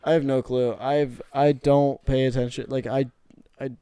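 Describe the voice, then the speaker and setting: A man's voice: medium pitch, flat delivery, moderate pace, warm tone, clean tone, no room sound, clean studio sound. A young adult man, a son co-hosting a podcast with his father, talking in laid-back, joking casual chat at home on a stand mic.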